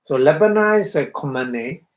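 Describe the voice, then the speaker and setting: A man with a Burmese accent giving a Buddhist dharma talk, halting and full of fillers, acting out little quotes as he explains. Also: fairly high pitch, lively intonation, poor audio. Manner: halting, many fillers, acts out quotes with laughter. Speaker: Buddhist monk teacher.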